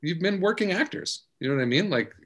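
Husky-voiced laid-back male host. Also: high-pitched, fast. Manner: relaxed, swears casually, does voices in anecdotes. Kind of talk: casual chat.

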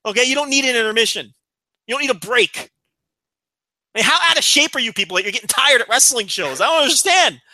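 A man rants on a podcast in a lively, swooping voice with a bright, sharp edge. His talk is profane and emphatic, and the sound is close and dry with no room around it. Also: very high voice, fast, long pauses, no echo. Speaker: podcast co-host. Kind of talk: casual podcast chat.

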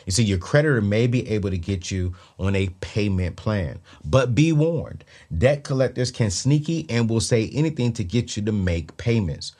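A man's voice: lowish voice, normal speed, few pauses. A man hosting a podcast, talking casually and with emphatic, preachy bursts to his listeners. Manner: animated, preachy, rising to loud emphatic bursts. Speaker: podcast host.

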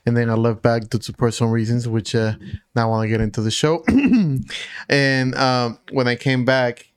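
Smooth-voiced young Dominican-born man storytelling. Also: mid-range voice, moderate pace, no echo. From Dominican Republic. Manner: animated, rambling storyteller with many fillers. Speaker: podcast co-host. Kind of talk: casual storytelling chat.

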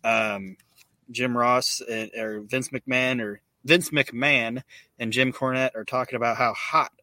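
A man's voice: medium pitch, steady tone, unhurried, pushed and bright, no room sound. A man hosting a podcast, recapping in casual, profane talk with many fillers. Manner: profane, filler-heavy retelling. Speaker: podcast host.

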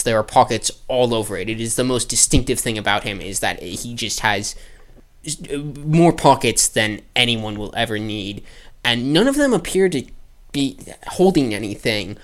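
A man's voice: medium pitch, lively intonation, unhurried, a bit bright. A man narrating as game master, hesitant, with many fillers and restarts.

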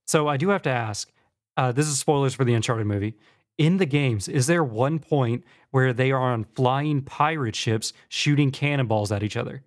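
A man's voice: mid-range voice, moderate pace. A man hosting a podcast in casual chat, telling stories in an easygoing way and moving the show between segments. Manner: easygoing storyteller, runs the segments. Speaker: podcast host.

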